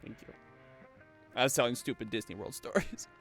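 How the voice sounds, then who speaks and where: A man streaming a video game live, thanking viewers and talking through his tactics, with frequent swearing and excited outbursts. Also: medium pitch, fairly quick, soft background music. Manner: excitable, swears often, thinks aloud about tactics. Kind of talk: live gameplay commentary.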